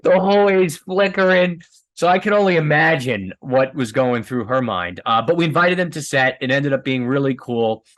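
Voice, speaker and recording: A filmmaker guest telling stories in a casual, rambling way, with many fillers and restarts and frequent laughs. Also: male voice, medium pitch, moderate pace, fairly bright tone.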